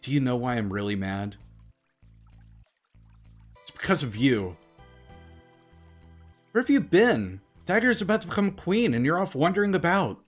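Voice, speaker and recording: Dude doing a fierce lady knight, scolding, voice pitched way up. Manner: scolding, raised and high.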